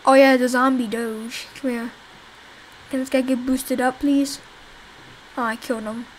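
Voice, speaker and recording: Speaking high and fairly flat, a little slowly, a young game developer rambles through her own zombie game and curses at the undead while talking to viewers. The low-quality recording carries a slight hiss or hum.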